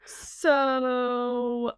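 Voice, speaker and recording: A woman co-hosting a podcast, chatting casually and hesitantly with lots of ums, retelling a story and popping into high voices for the characters. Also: little pitch movement, extremely slow, clean tone, no room sound, studio quality. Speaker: podcast co-host. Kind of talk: casual book-discussion chat.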